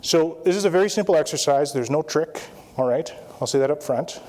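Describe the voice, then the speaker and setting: A man with a somewhat high, darkish voice talks a little fast. He's an anesthesiologist giving an interactive conference talk, checking in with the audience again and again and often repeating "all right?"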